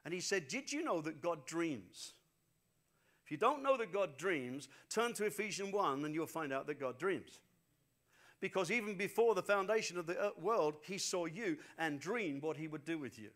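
High-voiced animated man preaching. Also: moderate pace. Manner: animated storytelling preacher, repeats phrases for emphasis. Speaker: pastor. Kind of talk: sermon.

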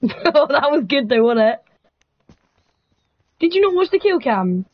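A high-voiced woman chats over an online game, her pitch leaping around as she teases her friend and laughs. She talks in an unhurried way. The recording is dry and a little dull. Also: very animated, no echo. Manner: playful, teasing, laughs often. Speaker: gaming vlogger. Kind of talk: casual gaming chat.

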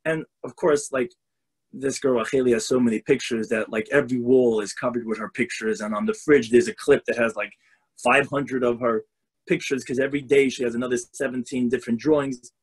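Husky animated storytelling rabbi. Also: male voice, mid-range voice, fairly quick. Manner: animated storyteller, shifts voices for characters. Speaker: rabbi and lecturer. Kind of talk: storytelling lecture. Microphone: video call.

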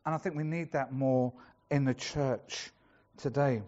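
A man's voice: mid-range voice, fairly even intonation, measured pace, a little mellow, muffled recording. A male pastor preaching a sermon in a chatty storytelling way, acting out the voices of the people in the story.

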